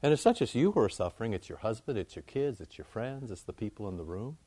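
A man giving an informal, conversational sermon to his congregation, jumping up high in pitch to make a point. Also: quick pace, breathy edge, no room sound. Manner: conversational, animated, rises high for emphasis. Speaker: pastor.

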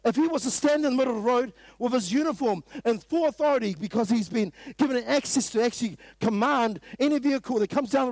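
A very high-pitched man with a New Zealand accent preaches emphatically at a morning prayer meeting. Rhetorical questions come again and again, and occasionally his voice swells into a loud burst. It's a dry recording.

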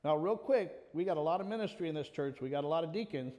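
A man preaching a sermon, animated, calling on members of the congregation by name and quoting scripture. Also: fairly high pitch, quick pace. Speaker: pastor. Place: church. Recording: long reverb of a church hall.

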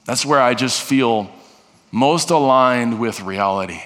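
A pastor's earnest sermon echoes through a church sanctuary with a large hall's long reverb. He speaks slowly in a slightly bright, mid-range voice, frequently restarting and repeating himself.

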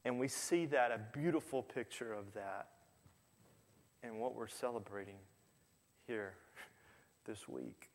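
A man's voice: fairly low pitch, expressive, takes it slowly, long pauses. A man preaching a sermon, retelling stories and acting out quoted figures with a rising voice. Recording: long hall reverb.

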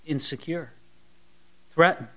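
A man preaching a verse-by-verse sermon, dropping to quiet asides and rising to emphatic peaks, sometimes mimicking gushing prayers. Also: steady tone, slow pace. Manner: swings between soft low asides and bright emphatic peaks; voices imagined sweet prayers mockingly. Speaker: pastor. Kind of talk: expository sermon.

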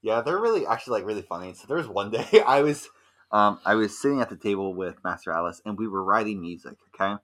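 A young man in casual podcast chat, telling a rambling, animated story full of fillers. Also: lowish voice, fast talker. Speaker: podcast co-host.

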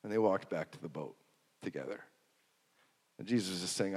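A man preaching a sermon, swinging from hushed to loud and repeating phrases for emphasis. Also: deep voice, normal speed, pauses often. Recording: long hall reverb.

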